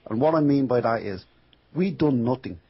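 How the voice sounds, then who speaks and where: Husky man urging listeners. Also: medium pitch, animated, normal speed, lo-fi sound. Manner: exhorting, urgent, repetitive. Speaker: caller or guest. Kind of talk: impassioned appeal.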